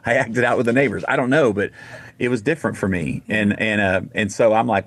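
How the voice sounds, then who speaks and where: A middle-aged man with a lowish voice tells a story as a radio guest, wandering and restarting as he goes. The sound is dry and close. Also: a little fast, a bit bright, no echo. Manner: rambling, retells conversations in quotes. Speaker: guest, singer. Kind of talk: casual interview storytelling.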